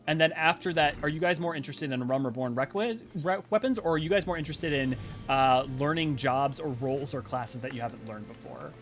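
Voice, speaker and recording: A man's voice: on the high side, a little fast, fairly bright tone. A man hosting a stream, chatting casually and rambling with frequent restarts. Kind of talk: casual chat.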